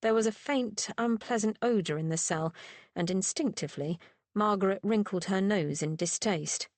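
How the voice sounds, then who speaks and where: Woman audiobook narrator, expressive, mid pitch, dry close studio sound. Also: normal speed, dry recording. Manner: expressive, voices the characters. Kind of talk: scripted narration.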